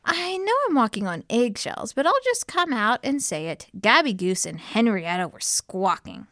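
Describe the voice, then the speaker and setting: A woman's voice: on the high side, very animated, normal speed, a bit bright, no echo. Casting: blustery old rooster colonel, pompous, voiced by a woman reading a storybook, dry sound. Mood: confiding. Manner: blustery, strutting.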